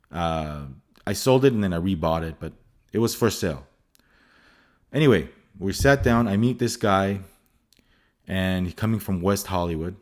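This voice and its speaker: A man hosting a photography vlog, telling stories casually and animatedly with exasperation and restarts. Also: lowish voice. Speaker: photography channel host.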